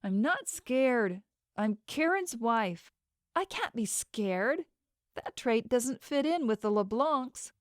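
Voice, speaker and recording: A woman's voice: fairly high pitch, lively intonation, slow pace, dry recording, clean studio sound, pitched above the performer's own voice. A woman voicing a frightened, furious young wife in an audiobook, ranting and tearful. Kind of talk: audiobook character voice.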